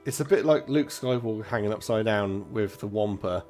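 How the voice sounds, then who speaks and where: A man's voice: fairly low pitch, normal speed, darkish tone, soft background music. A man narrating a tabletop game as dungeon master, casual and rambling.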